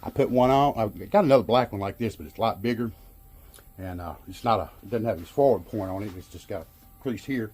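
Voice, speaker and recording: A man's voice: lowish voice, brisk, darkish tone, slight background noise. A middle-aged man from Arkansas with a Southern drawl, rambling in a folksy, self-amused way as he vlogs a DIY job. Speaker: vlogger. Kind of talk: casual DIY vlog talk.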